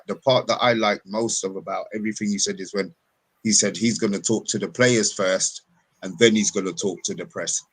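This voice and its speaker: A man gives his view on a casual panel. His voice sits low. He talks in a relaxed, halting way and often repeats words as he goes.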